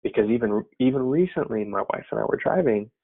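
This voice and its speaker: Husky, gravelly man on a tinny line. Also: medium pitch, lively intonation, fast. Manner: earnest, reflective, many fillers. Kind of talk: personal faith reflection. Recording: tinny phone-like sound.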